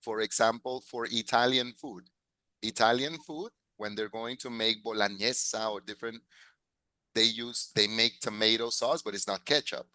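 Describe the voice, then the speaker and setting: Man, english teacher, bright voice, dry close sound, patient, repeats words. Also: medium pitch, steady tone, normal speed, no room sound, low-quality recording. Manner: patient, repeats and corrects words, praises students. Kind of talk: classroom lesson mixing English and Spanish.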